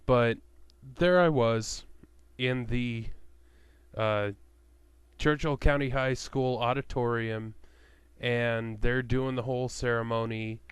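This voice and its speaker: A sarcastic man ranting into a close mic, slow and deliberate, with frequent swearing. His voice is smooth and clear, and the sound is dry and close. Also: medium pitch, steady tone, no room sound. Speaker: vlogger. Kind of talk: profane comedic rant.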